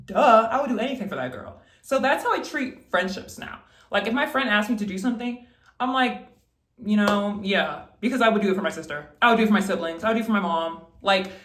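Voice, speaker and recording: A woman's voice: medium pitch, fairly bright tone, roomy sound. A young woman in a casual vlog, emphatically giving advice straight to the viewer while getting ready at home. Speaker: vlogger.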